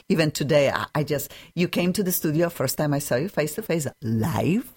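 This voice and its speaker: A woman's voice: low-pitched, animated, moderate pace, hardly any pauses, a little mellow, breathy edge. A woman hosting a radio talk show, gushing and laughing often as she chats with guests in the studio.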